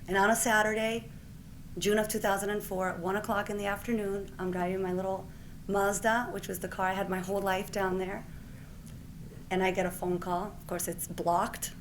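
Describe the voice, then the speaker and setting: A woman's voice: medium pitch, normal speed, slight background noise. A woman in her forties from Puerto Rico, a physician accepting an award, telling a personal story in a speech. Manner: lively storyteller who acts out the exchanges she retells. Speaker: award recipient giving a speech.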